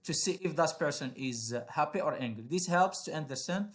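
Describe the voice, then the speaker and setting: A man's voice: fairly high pitch, expressive, fairly quick. A man teaching an online English lesson, explaining exercises with many hesitations and filler sounds.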